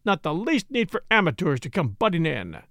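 Guy doing a curt scornful police inspector, gravelly, dry close sound. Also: a little high, huge pitch swings, a little fast, fairly bright tone, dry recording, heavily acted. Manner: curt, dismissive. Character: gruff self-assured police inspector man.

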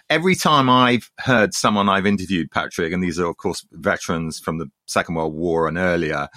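A British man with a very deep voice co-hosts a history podcast as a historian. He speaks briskly and with confidence, laying out his points analytically, recorded close and dry with no room sound. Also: a bit bright, no echo. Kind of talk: conversational history podcast chat.

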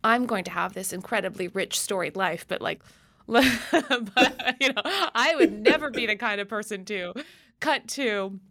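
A woman hosts a podcast interview with a mid-range voice that breaks into strong vocal fry. She laughs often and speaks in a warm, reflective way when telling her own story. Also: mid-range voice, a little slow. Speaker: podcast host. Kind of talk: conversational interview.

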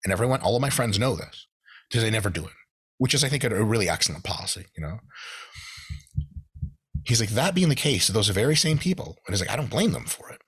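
An American man appears as a podcast guest, telling casual stories in a lowish, husky voice at a quick pace broken by long pauses. He's animated and swears often, acting out quotes in shifted voices.

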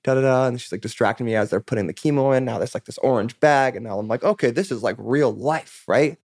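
A man of about thirty, a musician appearing as a guest on a casual podcast interview, tells his story candidly and rambles, leaning heavily on "like" and swearing. His mid-range voice moves at a quick pace with a darkish tone. The studio recording is clean, with no echo.

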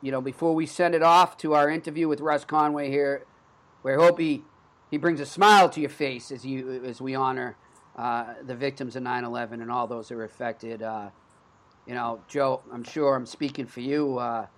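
A man's voice: medium pitch, steady tone, moderate pace, fairly bright tone. A man in his thirties with a Boston accent, hosting a sports podcast and telling stories in an earnest, conversational way. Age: 30s. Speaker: podcast host.

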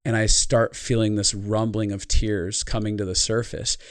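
Low-voiced earnest man, dry close mic. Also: flat delivery, moderate pace, clean tone, no room sound. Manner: earnest, reflective storytelling. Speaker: podcast guest, life consultant. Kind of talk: podcast interview conversation.

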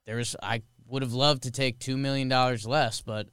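A man's voice: medium pitch, moderate pace, clean tone, no room sound, studio quality. A man co-hosting a podcast, chatting casually and jokily about sports. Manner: animated, joking, rambling. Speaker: podcast co-host.

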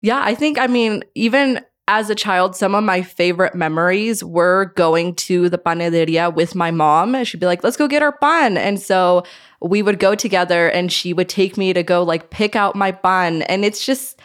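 A woman's voice: on the low side, steady tone, normal speed. A woman from Idaho chatting as a guest on a podcast, enthusiastic and reflective, often saying "I feel like". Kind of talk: casual podcast chat.

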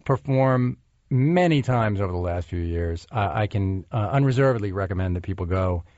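A man hosting a podcast, chatting and teasing his guest in a halting way full of fillers. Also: lowish voice, lively intonation, darkish tone, no echo, dull audio. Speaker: podcast host. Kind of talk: casual interview chat.

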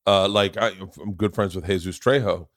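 A man's voice: lowish voice, fairly even intonation, moderate pace, fairly bright tone, no room sound, studio quality. A middle-aged man hosting a casual interview podcast, rambling with many restarts and cursing freely. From Florida. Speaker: podcast host.

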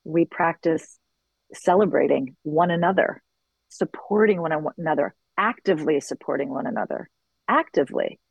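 A middle-aged woman who leads sharing circles, talking earnestly and reflectively in an interview, with lively bursts when she quotes others. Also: sits low, normal speed, gravelly, breathy edge, no echo, dull audio. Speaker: circle facilitator. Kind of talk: conversational interview.

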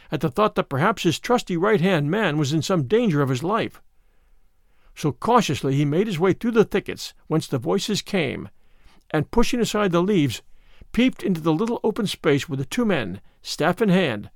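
A man narrating an old-fashioned storybook in an expressive, unhurried way. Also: sits high, gravelly, no room sound, studio quality.

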